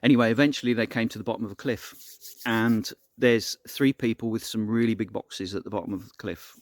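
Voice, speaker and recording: A man's voice: on the low side, fairly even intonation, brisk, dry recording. A man telling an improvised story in a casual, rambling way, often restarting his sentences.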